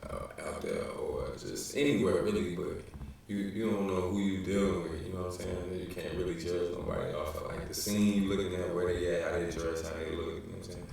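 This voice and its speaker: A man's voice: low-pitched, flat delivery, brisk, gravelly, a little mellow, very echoey, far from the mic. A young man from Chicago with a Chicago accent, telling a story in a loose, rambling, slangy way full of fillers. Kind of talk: casual storytelling.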